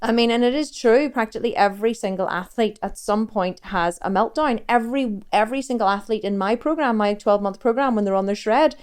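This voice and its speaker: A woman's voice: a little high, a little fast, hardly any pauses, clear, resonant tone. A woman talks candidly in a personal vlog, rambling and interrupting herself as she tells her story. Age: 40s. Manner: rambling, confessional, self-interrupting. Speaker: fitness coach and vlogger.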